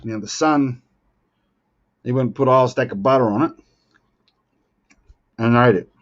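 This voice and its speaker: A man's voice: medium pitch, normal speed, highs cut off. An Australian man chatting casually with viewers on a live stream, joking and playfully defending himself. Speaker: livestream host.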